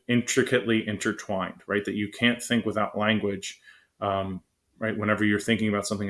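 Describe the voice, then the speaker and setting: Guy teaching a class, kinda low voice, talks fast, says "right?" and "um" a lot. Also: fairly bright tone. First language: English. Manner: quick, conversational, frequent "right?" and "um". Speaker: lecturer. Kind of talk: classroom lecture.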